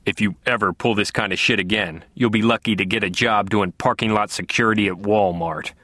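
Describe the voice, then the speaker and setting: A man voicing a gruff, angry male police captain who barks orders. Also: fairly low pitch, animated, unhurried, bright, forceful tone, dry recording, clean studio sound. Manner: barking, venomous.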